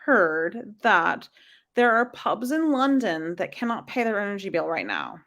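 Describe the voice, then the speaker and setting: An American woman co-hosting a podcast, chatting excitedly and filling her talk with "like" and "um". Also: medium pitch, measured pace. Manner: excitable, lots of "like" and "um". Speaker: podcast co-host. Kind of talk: casual chat.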